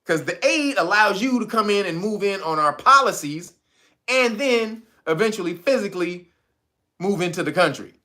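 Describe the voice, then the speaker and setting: A man's voice: high voice, expressive, moderate pace, sharp tone. A man ranting in casual slangy commentary, swearing freely and breaking into laughs. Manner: profane, laughs often, slangy. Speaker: commentary vlogger.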